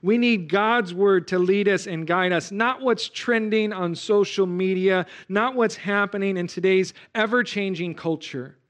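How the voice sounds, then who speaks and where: A man preaching a sermon as pastor, earnest and exhorting, rising to loud emphasis. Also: high voice, measured pace, few pauses.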